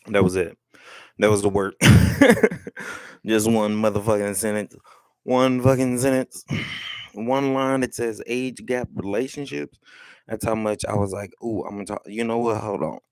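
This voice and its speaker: A man's voice: fairly low pitch, steady tone, normal speed, a little mellow, clean tone, no echo. A young man hosting his own live stream, talking loosely and joking with plenty of swearing. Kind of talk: casual livestream talk. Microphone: headphones with mic.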